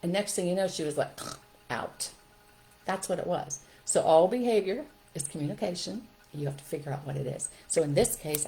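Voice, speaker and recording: Middle-aged woman host, parenting coach, lively delivery, slightly low voice, acts out example phrases. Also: normal speed, rough recording. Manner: animated, acts out scolding and soothing phrases. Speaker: childcare trainer and podcast host. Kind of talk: casual teaching talk to parents.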